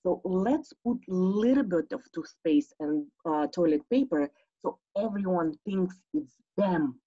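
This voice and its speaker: A woman's voice: lowish voice, lively intonation, measured pace, dark tone, slightly rough. A woman voicing a bold, scheming teenage girl at summer camp with an eager, persuasive manner. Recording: slightly dull lo-fi audio.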